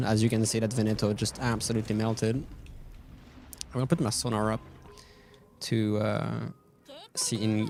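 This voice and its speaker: A man's voice: mid-range voice, darkish tone, slight background noise. A man hosting a live game stream, chatting casually about gameplay and answering viewers' questions. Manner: laid-back, rambling, fillers, answers chat. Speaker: stream host.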